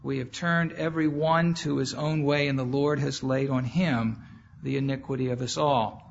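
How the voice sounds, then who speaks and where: A man preaching a sermon as a guest speaker, earnest and plain-spoken, pausing now and then to sort out his slides. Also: medium pitch, fairly even intonation, gravelly. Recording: dull lo-fi sound with faint background noise.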